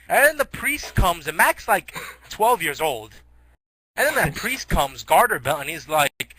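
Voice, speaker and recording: A young man tells a silly improvised tale at full volume, stammering and restarting as he rushes along. His voice sits high and comes out bright and sharp. He keeps slipping into little character voices for the people in his story. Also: animated. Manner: loud, giddy, stammering, acting out characters in quotes.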